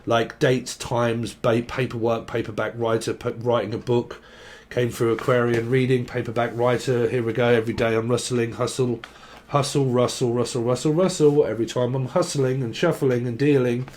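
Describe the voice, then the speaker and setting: A man's voice: mid-range voice, little pitch movement, moderate pace, a little mellow, slight background noise. Man, tarot reader, rambling word associations, laughs a lot, casual chat. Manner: rambling free association, singing snatches, laughing often. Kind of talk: casual channelled tarot reading.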